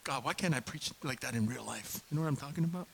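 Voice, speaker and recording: A middle-aged man preaching a casual sermon in a church, chatty and self-deprecating, bursting into loud impassioned preaching when he gets going. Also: mid-range voice, fast talker, creaky, slightly rough, poor audio. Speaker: pastor. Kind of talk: conversational sermon.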